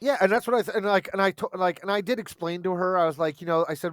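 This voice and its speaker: A man, a woodworking business owner, chatting in an interview and telling an animated story that acts out a customer's words. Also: high voice, quick pace, no room sound.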